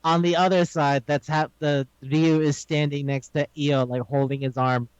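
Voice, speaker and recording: A man on a podcast casually recapping an anime episode, animated and swearing a lot, acting out the characters' lines. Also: on the high side, normal speed, smooth, no echo, highs cut off. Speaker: podcast co-host.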